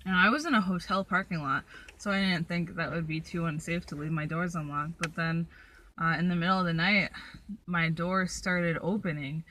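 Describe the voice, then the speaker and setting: A young woman tells stories from her travels in a loose, chatty vlog style. Her voice sits fairly low for a woman, and she talks with plenty of ums and likes. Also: normal speed, bright, forceful tone, a little hiss or hum. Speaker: solo traveler vlogger. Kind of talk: casual storytelling vlog. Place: in her van.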